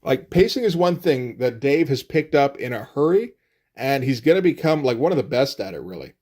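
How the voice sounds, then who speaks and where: A man's voice: medium pitch, sing-song, normal speed, darkish tone. A man reviewing comic books in casual, profane commentary, with frequent "uh"s and "like"s. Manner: casual and profane, often says "uh" and "like".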